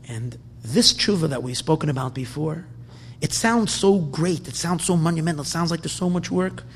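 A man giving an impassioned sermon, moving from soft, quiet stretches to loud, emphatic bursts and often repeating words. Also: fairly high pitch, slight background noise. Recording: long hall reverb.

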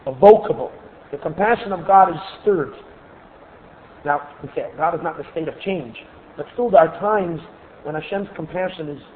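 A man giving a religious lesson full of stories, pausing and repeating words as he searches for his phrasing. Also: a little high. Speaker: religious teacher. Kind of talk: Torah lesson with storytelling. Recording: tinny phone-like recording, faint hiss.

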